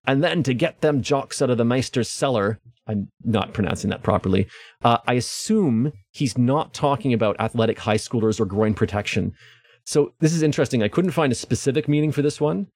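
A man from Canada talks through old dialect words in a relaxed, chatty way, often stopping for an um or uh. His voice sits at a middle pitch, recorded close and dry with no room sound. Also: dry recording. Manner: musing, chatty, with frequent ums and uhs. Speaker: podcast host. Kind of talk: casual book discussion.

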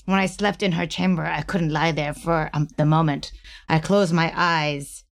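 A woman's voice: low-pitched, fairly even intonation, moderate pace, vocal fry. A woman voicing a grieving man haunted by the spirit of his lost love, in a brooding, anguished dramatic reading.

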